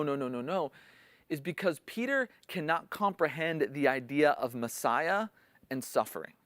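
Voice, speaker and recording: A man delivers a sermon in an easygoing, conversational way, as if talking with friends, with a somewhat higher-than-usual voice. He leans into the quoted lines with more force. The sound is close and dry, with no room echo. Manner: conversational teaching, acts out quotes with rising intensity. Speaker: pastor.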